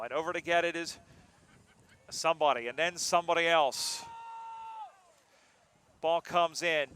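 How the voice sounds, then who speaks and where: A man calling an amateur football game live, joking between plays and getting excited on big moments. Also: fairly high pitch, clean tone. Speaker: play-by-play commentator. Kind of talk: live sports commentary.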